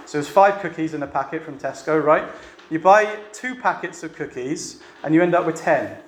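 Speaking at a normal speed with a voice on the high side, a family man delivers a conversational sermon to a church gathering, often throwing rhetorical questions at the listeners. The room is echoey with faint ambience.

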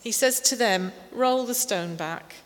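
Slow-speaking woman preaching in a hall. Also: on the high side. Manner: slow, emphatic, with warm storytelling asides. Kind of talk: sermon. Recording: long hall reverb, faint noise.

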